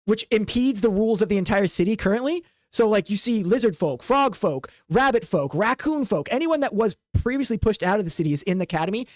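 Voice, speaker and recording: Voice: medium pitch, expressive, fairly quick, few pauses, no room sound. A game master narrating a tabletop game in a loose, rambling way, full of "like" and "um", recorded close and dry. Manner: rambling, hesitant, with many "like" and "um".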